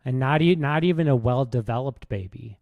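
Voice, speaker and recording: Over phone-quality audio, a man with a medium-pitched voice talks briskly while streaming chess. His casual commentary wanders into a rude comic roast, full of false starts.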